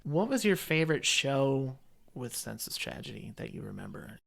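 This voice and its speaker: A man's voice: medium pitch, sing-song, moderate pace, creaky, fairly bright tone. Easygoing male podcast host. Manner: easygoing, chatty, uses "like" a lot. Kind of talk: casual interview chat.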